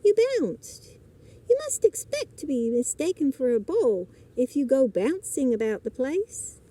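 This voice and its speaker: A woman's voice: high-pitched, very animated, a little slow, warm tone, slightly rough, voice pushed up, full character voice. A woman voicing a confident, matter-of-fact little girl in a storybook reading. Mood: bossy. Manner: matter-of-fact, know-it-all.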